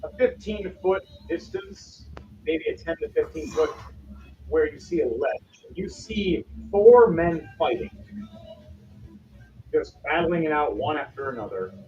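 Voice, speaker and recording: Lively game master, far from a lo-fi mic. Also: male voice, fairly high pitch. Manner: animated, jumps into quick character voices. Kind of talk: narrating a tabletop game. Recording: distant lo-fi mic with faint noise.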